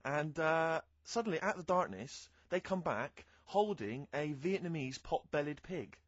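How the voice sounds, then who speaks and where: A man's voice: a little high, expressive, a little slow, no echo, lo-fi sound. A young man from the West Country, co-hosting a radio show and telling a self-mocking anecdote with laughs. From West Country, England. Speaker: radio co-host. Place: radio studio.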